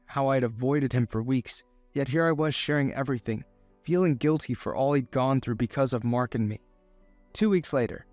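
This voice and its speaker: Man, mid-pitched, steady first-person audiobook narration, dry close sound with faint music under. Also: no echo.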